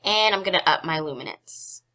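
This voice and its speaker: A young woman hosting a casual software tutorial. She is chatty and giggly, with self-deprecating asides, and sounds slightly out of breath. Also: on the low side, lively intonation, moderate pace. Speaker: photography tutorial host.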